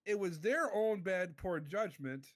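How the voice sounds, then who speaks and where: A man's voice: high voice, expressive, measured pace, no echo. A man playing a small-time crook who testifies in a roleplay court, earnest and rambling, forever turning back to the judge. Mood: pleading.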